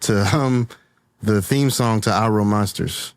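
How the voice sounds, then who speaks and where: A man's voice: fairly low pitch, measured pace, no room sound. A man who produces a podcast, chatting in a goofy, teasing way and giggling often. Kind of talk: casual podcast chat.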